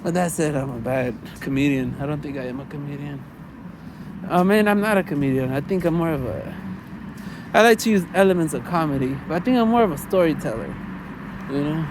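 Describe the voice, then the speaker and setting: Man with a high voice, rambling casual vlog, lots of "you know", swearing, outdoors, faint traffic behind. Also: lively intonation, a little fast. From United States. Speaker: vlogger.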